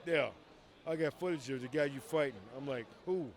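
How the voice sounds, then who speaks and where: A man telling stories in a casual interview, acting out quoted dialogue with lively voices and frequent swearing. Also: medium pitch, fairly quick. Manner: animated, acts out quoted dialogue, swears freely. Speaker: retired fighter telling stories. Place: outdoors at a convention.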